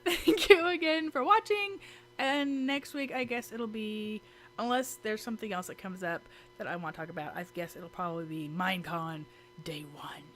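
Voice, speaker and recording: A woman's voice: mid-range voice, a bit bright, slight background noise. Giggly chatty woman vlogger. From United States. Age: adult with children. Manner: chatty and giggly, many fillers and restarts. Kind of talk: casual talking-to-camera vlog. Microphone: camera mic.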